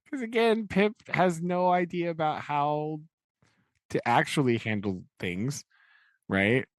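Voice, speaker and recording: A man's voice: a little high, slow, long pauses, no echo. A man co-hosting a podcast in casual book talk, rambling with many "like"s and "right?"s, acting out quotes in shifting voices. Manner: acts out quotes in changing voices. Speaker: podcast co-host.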